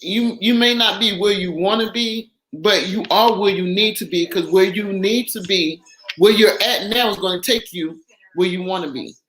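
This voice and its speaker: Bright-voiced woman on a livestream, emotional and effusive, in an echoey room. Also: mid-range voice, normal speed, slight background noise. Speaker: livestream guest. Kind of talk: casual livestream chat.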